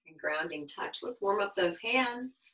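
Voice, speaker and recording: A woman yoga instructor leading a baby yoga class for caregivers, talking in a gentle, encouraging, reassuring way with small laughs. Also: mid-range voice, expressive, unhurried, slight background noise, low-quality recording. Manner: chatty, with fillers and small laughs.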